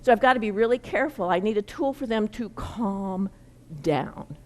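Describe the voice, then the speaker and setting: Middle-aged woman, energetic educator, folksy and chatty, leading a room of parents. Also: mid-range voice, moderate pace. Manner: lively, folksy, leads the audience in gestures. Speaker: nutrition educator presenting to parents. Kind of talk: interactive workshop talk.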